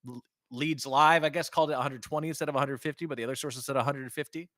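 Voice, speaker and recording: A man co-hosting a casual football podcast, talking animatedly with frequent laughs and quick restarts. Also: medium pitch, steady tone, fairly bright tone, dry recording, clean studio sound. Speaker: podcast co-host.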